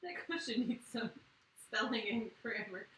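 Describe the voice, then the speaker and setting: A woman's voice: on the high side, expressive, moderate pace, a bit bright, echoey room, low-quality recording. A woman co-hosting a trivia stream, chiming in casually from the side and relaying viewer comments. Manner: chimes in from off-mic, laughing, relays chat comments. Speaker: co-host reading the chat. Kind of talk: casual livestream chat.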